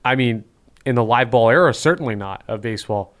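Podcast host guy, slight southern twang, chatty, trails off quiet at the end of lines. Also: medium pitch, a little fast. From North Carolina. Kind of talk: casual chat.

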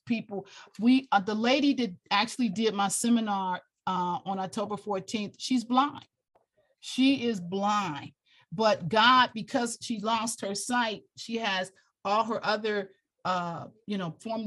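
Tearful, passionate woman veteran. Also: medium pitch. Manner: passionate, emotional, repeats herself. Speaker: guest, military veteran. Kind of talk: heartfelt interview talk.

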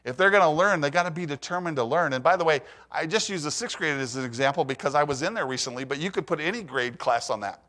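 A man's voice: fairly high pitch, animated, quick pace, few pauses, sharp tone. An older man preaching a sermon, telling stories in a conversational way, asking the audience questions and acting out what others say. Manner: storytelling, acts out quoted voices.

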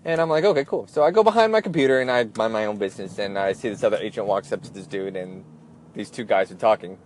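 A man's voice: lowish voice, fast, darkish tone. A young man recalls his time as an airline gate agent in a casual, meandering way. He keeps slipping into the voices of the people in his story, and a faint background noise runs under the recording. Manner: rambling, acts out others' voices in quotes.

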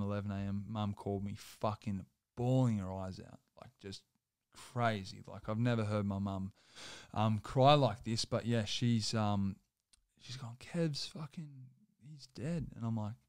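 A young man in his twenties speaks as a guest, rambling through a personal story with plenty of swearing and filler words. His voice is clear and smooth. It sits dry and close, with no room around it. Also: on the low side, a little mellow, no room sound. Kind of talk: casual storytelling.

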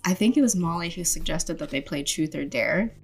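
Woman cohost chatting about a movie, kinda low voice, giggly, faint guitar in back. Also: lively intonation, fairly quick. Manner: giggly, quotes characters in put-on voices. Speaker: podcast co-host. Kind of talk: casual chat recapping a movie.

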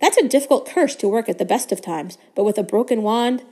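An earnest young schoolgirl witch speaks up with anxious care, as a woman reading aloud puts her on. The voice rides higher than the reader's narration. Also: expressive, fairly quick, warm tone, close to an everyday voice.

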